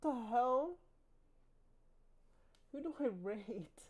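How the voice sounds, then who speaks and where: A woman streaming a game, reacting with loud, sweary outbursts and shrieks of disbelief. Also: sits high, animated, very slow.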